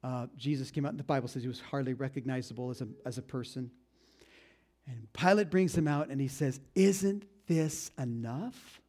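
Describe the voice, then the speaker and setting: A pastor preaches a storytelling sermon, retelling events dramatically yet conversationally. He talks fast in a mid-range voice, often dropping to a hush and adding asides to his listeners.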